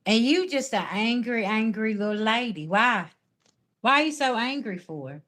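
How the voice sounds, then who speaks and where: A woman talks casually on a live stream. As a spiritual reader, she answers viewer comments head-on in a sassy, blunt manner. Her voice sits a little on the high side. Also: animated, normal speed, fairly bright tone.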